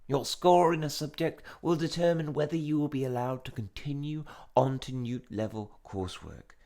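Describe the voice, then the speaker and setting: A man voicing an elderly male wizard examiner who speaks in a formal, measured way and sometimes drops to a whisper, as he reads game dialogue aloud. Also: medium pitch, dark tone, voice pushed up, natural voice.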